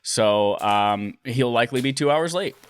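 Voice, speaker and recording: A man's voice: medium pitch, animated, a little slow, clear, resonant tone. A man hosting a casual gaming podcast from his living room, joking loosely and swearing freely. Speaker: podcast host.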